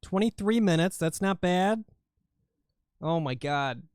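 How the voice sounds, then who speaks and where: A man's voice: high voice, lively intonation, slow pace, darkish tone, clear, resonant tone, dry recording, studio quality. A man streaming live while he edits video, rambling and muttering to himself in a casual, self-amused way.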